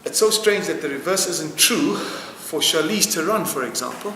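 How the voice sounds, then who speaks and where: A man's voice: fairly high pitch, expressive, normal speed, sharp tone, a little hiss or hum. A man being interviewed, speaking with passion and emphasis and repeating phrases to drive his point home. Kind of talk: impassioned interview answer. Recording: roomy hall with long reverb, faint music.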